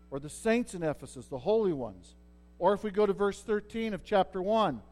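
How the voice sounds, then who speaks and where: A middle-aged man with a notably high voice preaches a sermon. He talks like he's chatting with the congregation and often stops to ask if they're following. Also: a little mellow. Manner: conversational preaching, checks in with listeners. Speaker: pastor.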